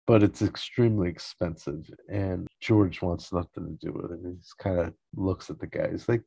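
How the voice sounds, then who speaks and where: A man hosting a show, casually recapping a sitcom episode in a relaxed way, acting out the lines and chuckling often. He is recorded close on a mic with a dull, lo-fi sound. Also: sits low, normal speed, vocal fry, hardly any pauses, husky, no echo.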